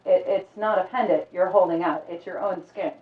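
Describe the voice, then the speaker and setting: A woman's voice: on the low side, moderate pace, natural voice. A woman voicing an elderly male librarian who is kindly but insistent and alarmed. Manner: excited, insistent. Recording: echoey, distant, phone-like sound.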